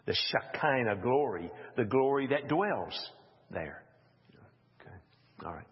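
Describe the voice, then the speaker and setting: A man's voice: mid-range voice, expressive, husky. A man leading an informal Bible study, musing aloud and reading passages with off-the-cuff asides. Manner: slow, musing, reads scripture aloud with asides. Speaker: Bible teacher. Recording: dull lo-fi recording with long hall reverb.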